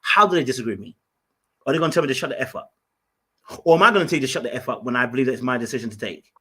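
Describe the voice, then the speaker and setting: A man from Ghana, telling an animated story in casual podcast chat, full of fillers and restarts. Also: mid-range voice, very fast, breathy edge. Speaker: podcast guest.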